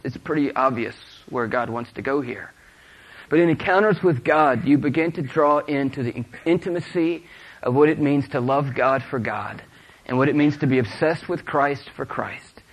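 A man preaching a sermon to a congregation, moving between hushed storytelling and loud, fervent exhortation. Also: mid-range voice, slightly rough, low-quality recording.

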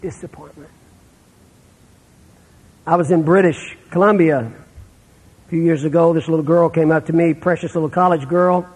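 Middle-aged guy preaching, husky and kinda high, big hall echo. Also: fairly even intonation, normal speed, long pauses. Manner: storytelling, dropping to a hush for sad moments. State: terminal illness, on breathing treatments. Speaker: pastor. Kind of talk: sermon.

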